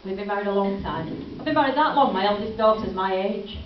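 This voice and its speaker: A woman's voice: mid-range voice, brisk, noisy background. A woman performing a chatty stand-up comedy routine, teasing the audience as she goes. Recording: lo-fi camcorder from a distance in an echoey hall.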